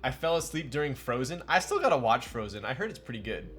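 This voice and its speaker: A man's voice: mid-range voice, big pitch swings, quick pace, fairly bright tone. A young man streaming live, chatting casually and joking at his own expense while building a keyboard and answering his chat. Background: faint music.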